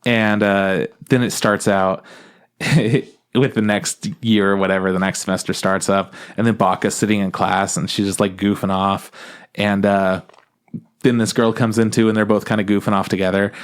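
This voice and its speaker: A man co-hosting a podcast in casual chat, animated and laughing often as he retells scenes. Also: normal speed, clear, resonant tone. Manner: animated, acts out characters in high voices, laughs often. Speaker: podcast co-host.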